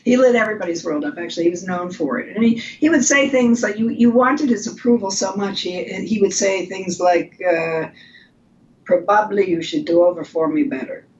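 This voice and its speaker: A woman's voice: medium pitch, animated, a little fast, hardly any pauses, a little mellow, dull audio. Older woman telling design stories. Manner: chatty, anecdotal, frequent restarts. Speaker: guest designer. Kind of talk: casual interview storytelling.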